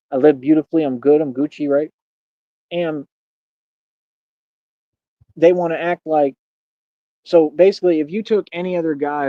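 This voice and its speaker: Boastful fast-ranting man in his thirties. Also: a little high, no echo, dull audio. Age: 30s. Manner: boastful, confrontational, talks fast. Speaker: streamer and radio show host. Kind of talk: livestream rant.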